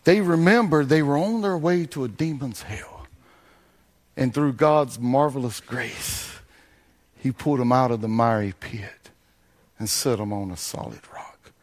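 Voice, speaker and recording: A man preaching a sermon, swinging between sing-song swells and low quiet passages. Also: animated, unhurried.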